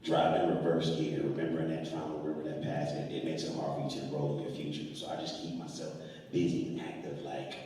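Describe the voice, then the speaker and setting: A man speaking on a panel in an earnest, streetwise way about coping with dark moods. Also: extremely low pitch, flat delivery, fast, slight background noise. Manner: earnest, streetwise, addresses listeners as bro. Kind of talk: candid panel talk. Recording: echoey hall from far off.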